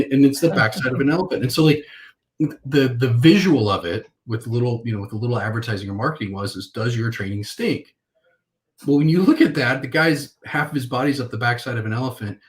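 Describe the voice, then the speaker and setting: A middle-aged man, a podcast guest, telling lively stories and acting out the phone calls he once made. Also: medium pitch. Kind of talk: interview.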